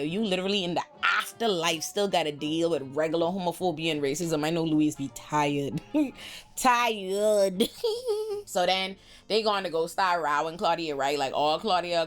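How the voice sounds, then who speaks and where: A woman hosting a casual TV episode recap, telling it in an animated, slangy, profane way. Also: sits low, normal speed, faint music behind. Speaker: host.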